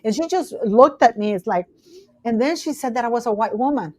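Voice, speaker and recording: A woman with a Latin American Spanish accent, hosting a casual chat and telling stories in an animated way, often acting out what other people said. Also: fairly high pitch, brisk. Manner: animated storytelling, quoting people in changed voices. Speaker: host. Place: Canada.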